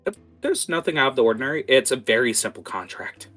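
A man's voice: mid-range voice, lively intonation, quick pace, fairly bright tone, faint music behind. A man narrating a tabletop game as game master, in a casual, rambling way. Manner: casual, many fillers and restarts.

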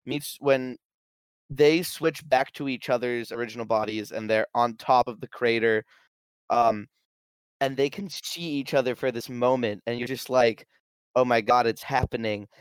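A man's voice: mid-range voice, moderate pace, clean tone, no room sound. A man in casual conversation, animatedly retelling movie scenes and acting out bits of the dialogue. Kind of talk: casual film discussion.

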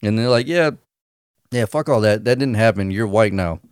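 A man's voice: lowish voice, moderate pace, clear, resonant tone, dry recording, studio quality. A man in casual, profane banter with friends, laughing often and telling stories.

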